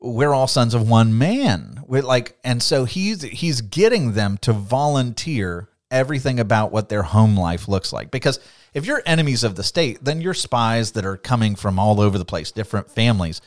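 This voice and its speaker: A man co-hosting a Bible study podcast, teaching in a lively, conversational way, laughing often and acting out quotes. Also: medium pitch, normal speed, no echo, clean studio sound.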